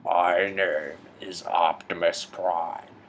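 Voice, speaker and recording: Fed-up giant robot commander impression by a man, slow, deep and grumbling. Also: level tone, a bit bright, a little hiss or hum, exaggerated voice. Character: weary giant robot leader.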